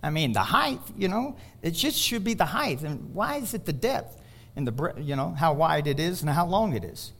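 High-pitched male pastor, preaching in an animated sermon style, loud one moment and hushed the next. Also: moderate pace.

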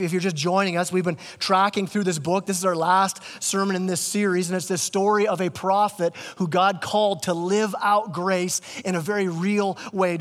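Guy with a pretty high voice giving a laid-back sermon, lots of restarts, long church echo. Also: fairly bright tone. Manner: casual, conversational preaching with repeated restarts. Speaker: pastor. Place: church sanctuary.

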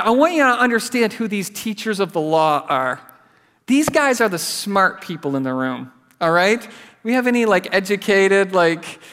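A man preaching a sermon, telling stories in a lively way and calling out to the congregation. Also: high voice. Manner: lively storytelling, calls out to the congregation. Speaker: pastor. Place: church sanctuary. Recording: church hall with long reverb.

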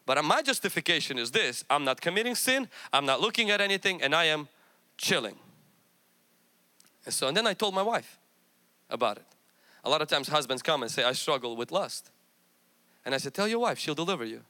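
A male pastor with a high, bright voice delivers a sermon. He mixes candid, self-mocking storytelling with fervent exhortation to the congregation. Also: very animated, fairly quick, pauses often.

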